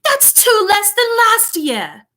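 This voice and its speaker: A woman voicing a spoiled, greedy boy in a put-on British accent, whiny and slow in a storybook read-aloud. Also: very high-pitched, huge pitch swings, pushed and bright, pitched above the performer's own voice, heavily acted. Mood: sulky.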